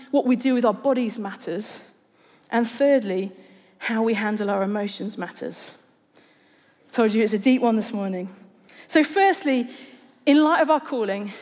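A woman delivers a conversational sermon in a slightly high voice. She tells stories with humour and pokes fun at herself. Her words ring with the long reverb of a large church hall. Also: darkish tone. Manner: chatty, humorous, self-deprecating storytelling. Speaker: preacher.

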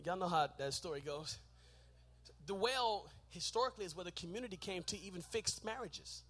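A man preaching a sermon, shouting his points and joking with the congregation in a church. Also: high voice, a little fast.

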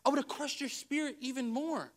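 A male pastor preaching a sermon, candid and self-deprecating, who tells stories with animated swings in his voice and laughs at himself. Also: very high-pitched, a little fast. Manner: storytelling with animated vocal swings.

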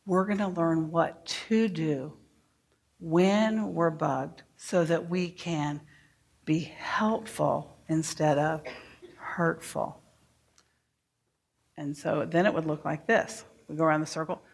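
A middle-aged woman giving a workshop to teachers, speaking deliberately and modeling phrases for the audience to repeat. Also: deep voice, steady tone, creaky. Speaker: early childhood educator giving a workshop.

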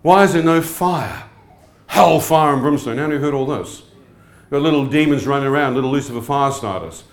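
A man preaching a testimony sermon, animated and questioning his listeners. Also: mid-range voice, fairly quick. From New Zealand. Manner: animated, asks the crowd questions. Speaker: evangelist. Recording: echoey hall.

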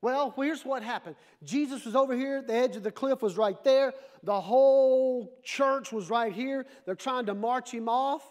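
Male pastor, very high voice, lively sermon with humorous asides. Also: a little slow, few pauses. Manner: animated preaching with playful asides.

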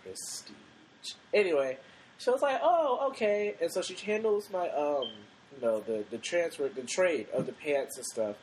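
A man's voice: on the high side, animated, normal speed, a little mellow, a little hiss or hum, low-quality recording. A young man in his late teens co-hosting a podcast, telling a rambling story and acting out the quotes. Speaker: podcast co-host. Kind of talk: casual chat.

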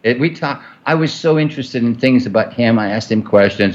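A man's voice: fairly low pitch, animated, fairly quick, few pauses, highs cut off. A man being interviewed, telling a long story in a rambling way with many fillers and restarts. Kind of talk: storytelling in a conversation.

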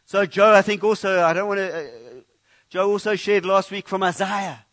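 A man's voice: high voice, little pitch movement, normal speed, a bit bright. A man preaching a conversational sermon in a church, often restarting and repeating words as he speaks. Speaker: pastor.

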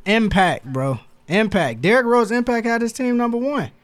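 A man's voice: very high-pitched, normal speed. A man co-hosting a podcast in casual sports banter, insisting and repeating his point. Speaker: podcast co-host.

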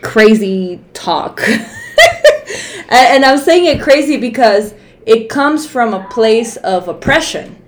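A woman's voice: fairly high pitch, animated, slow. A woman in her thirties co-hosting a podcast, talking frankly and emphatically, swearing freely and laughing easily. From Mexico heritage, raised in the United States. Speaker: podcast co-host. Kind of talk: casual podcast chat.

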